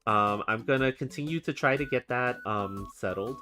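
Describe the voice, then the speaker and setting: A woman's voice: rumbling low, moderate pace, sharp tone, faint music behind. A woman streamer chatting casually while she draws, giggling often and rambling between thoughts. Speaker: streamer drawing illustrations. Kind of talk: casual chat.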